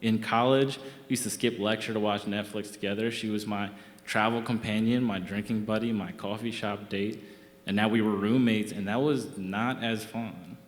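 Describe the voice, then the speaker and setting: A man's voice: lowish voice, steady tone, moderate pace, slight background noise. A young man telling a comic true story from his own life on stage, in a wry, conversational, self-mocking way. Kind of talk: live comic personal storytelling. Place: theatre stage. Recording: roomy theatre reverb.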